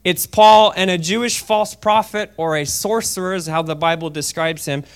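A man whose voice sits high, smooth and steady, at normal speed, gives a sermon as guest preacher. He reads scripture aloud, chats casually between verses, often asks "okay?" and swings from quiet asides to fervent, loud reading.

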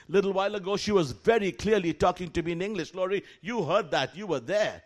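A man's voice: high-pitched, a little fast. A man preaching in church who tells a dramatic story, acting out the voices and calling out to the congregation. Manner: animated, acts out the voices in his story; calls out to the congregation. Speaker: guest preacher. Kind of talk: sermon storytelling.

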